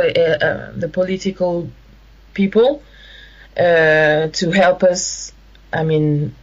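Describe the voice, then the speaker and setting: A woman with a French accent, a guest in a radio interview, speaking haltingly and searching for words in English. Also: on the low side, muffled recording. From France. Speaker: guest, activist.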